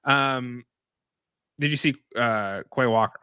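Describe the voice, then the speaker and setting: A man co-hosting a casual sports podcast, animated and blunt, swearing and laughing at his own slips. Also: medium pitch, slow, clean tone, no room sound. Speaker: podcast co-host.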